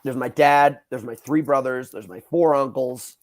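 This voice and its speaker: A man in his thirties hosting a podcast, telling stories in a casual, animated way, swearing freely and acting out what people said. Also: mid-range voice, normal speed. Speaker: podcast host. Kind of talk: casual storytelling chat.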